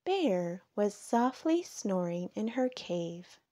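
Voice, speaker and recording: A woman reading a children's storybook aloud, gentle and expressive. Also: mid-range voice, slow, few pauses, no echo, dull audio. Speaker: storybook reader.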